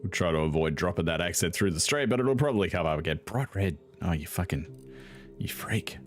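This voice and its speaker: Brief: young male gaming host, low voice with a lively, swinging delivery, sarcastic and profane, faint music underneath. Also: a little fast. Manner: sarcastic, swears freely, laughs often. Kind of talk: casual gameplay commentary.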